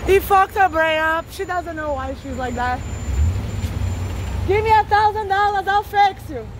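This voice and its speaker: Woman, very high voice, blunt, combative, swearing, walking outdoors on a street, faint traffic behind. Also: expressive, measured pace. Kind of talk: profane street rant.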